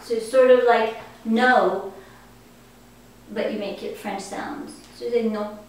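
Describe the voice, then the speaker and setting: A woman teaching a class, speaking slowly and encouragingly and repeating words for her learners. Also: on the high side, fairly even intonation, a little mellow. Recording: echoey room, distant mic, faint noise.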